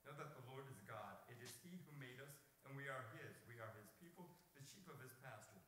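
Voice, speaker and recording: A man with a mid-pitched voice reads a psalm aloud at a measured pace. The room is strongly echoey, with a faint hiss behind him. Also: lively intonation, pushed and bright. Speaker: congregation member reading scripture. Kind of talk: reading scripture aloud.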